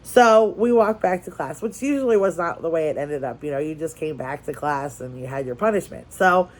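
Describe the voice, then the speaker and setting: A woman vlogger telling a story in casual chat, lively and repeating phrases for emphasis. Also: low-pitched, fairly quick. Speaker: crafting vlogger.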